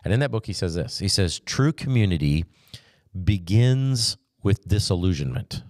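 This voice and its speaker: A man speaking as a pastor, teaching in a relaxed, chatty way with light humor and scripture quotes. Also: sits low, moderate pace, no echo, studio quality.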